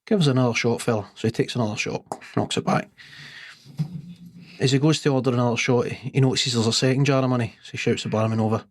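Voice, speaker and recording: A man, co-hosting a sports podcast and telling a long pub joke in an unhurried, deadpan way. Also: medium pitch, dry recording. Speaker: podcast co-host.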